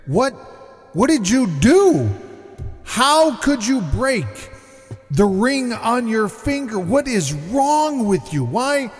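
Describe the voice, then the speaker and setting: A man voicing the shrill, accusing voice in his head, shouting like an angry wife. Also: sing-song, slow pace, long reverb tail, soft background music, exaggerated voice. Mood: scolding. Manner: yelling, accusing.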